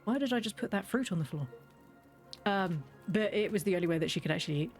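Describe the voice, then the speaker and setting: A woman's voice: mid-range voice, animated, quick pace, faint music behind. Chatty woman streamer. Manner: chatty, rambling, self-correcting, laughing often. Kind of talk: let's play commentary.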